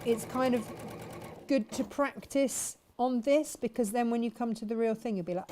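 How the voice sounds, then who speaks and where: A woman's voice: fairly high pitch, normal speed, dark tone, slight background noise. A woman chatting casually as she demonstrates sewing and answers viewers' questions. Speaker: sewing teacher and shop host.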